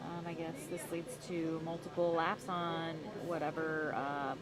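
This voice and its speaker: A woman's voice: sits low, flat delivery, measured pace, poor audio. A woman commentating on a race livestream outdoors, talking in a rambling way with many fillers. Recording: loud crowd behind.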